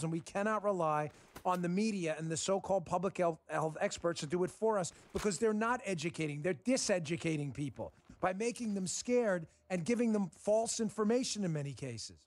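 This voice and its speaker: A man's voice: sits high, moderate pace, dry recording. A man from Texas hosting a show and delivering frustrated, emphatic political commentary that often repeats itself. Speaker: host. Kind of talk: political commentary over gameplay.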